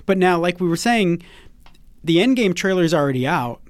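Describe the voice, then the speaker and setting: A man co-hosting a podcast in casual chat, animated and quick to laugh. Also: high-pitched, dry recording. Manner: animated, quick to laugh, reads quotes in a put-on voice. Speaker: podcast co-host.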